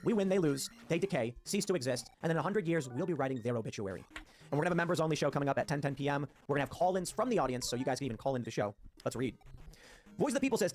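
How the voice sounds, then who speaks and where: A man hosting a political talk show, talking quickly and emphatically and acting out quoted voices. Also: on the high side, animated, a little mellow, soft background music. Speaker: podcast host.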